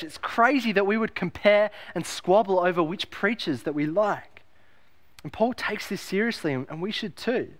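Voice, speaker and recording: His voice slightly higher than typical for a man and a bit bright, this pastor delivers an emphatic sermon at a moderate pace. He returns to key phrases, poses rhetorical questions to the congregation, and lifts his voice for quoted lines.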